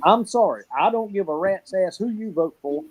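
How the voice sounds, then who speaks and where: A man with a thick Southern US accent talks bluntly and folksily in a casual podcast chat. His voice sits high for a man. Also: lively intonation, moderate pace, slightly rough, poor audio. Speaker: guest on fan podcast.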